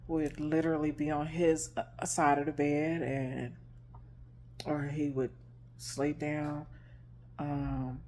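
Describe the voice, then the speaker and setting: A woman with a low, grounded voice shares a personal story with her followers, candid and unpolished. She talks casually into a self-filmed phone camera, full of small fillers and restarts. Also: warm tone, a little hiss or hum. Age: adult with grown children. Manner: frank, conversational, many fillers. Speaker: life and relationship coach.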